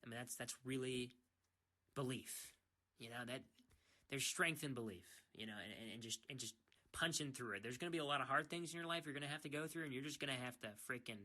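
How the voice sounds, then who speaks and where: A man's voice: mid-range voice, fast, sharp tone. A young man from the United States, rambling in a self-mocking, teasing way, talking late at night into his phone microphone. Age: young adult. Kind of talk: casual rambling monologue.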